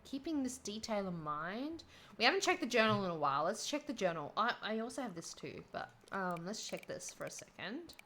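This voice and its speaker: A woman's voice: mid-range voice, sing-song, fairly quick, fairly bright tone. A young adult woman streaming a first playthrough of a video game, reading the game text aloud and joking about it. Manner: playful, reads game text aloud with quips. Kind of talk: casual game playthrough commentary.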